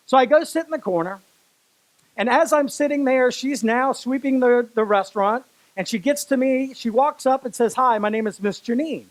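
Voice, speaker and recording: A man's voice: high voice, rough recording. A man giving a motivational keynote speech on stage, telling stories and speaking straight to the audience, repeating phrases for emphasis. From Louisiana, US. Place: stage before a live audience.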